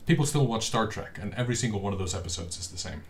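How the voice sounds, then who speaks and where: A man with a low voice chats casually on his live stream. He rambles, restarts and fills gaps with "uh." His voice comes through a webcam microphone with a faint hiss behind it. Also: lively intonation, racing. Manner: rambling, with many fillers and restarts. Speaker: streamer host.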